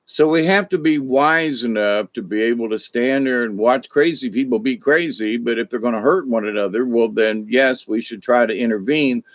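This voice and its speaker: A man's voice: mid-range voice, a bit bright, no echo. Rambling folksy man, dry close sound. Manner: rambling, repeats himself, folksy. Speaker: spiritual discussion host. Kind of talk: casual spiritual talk.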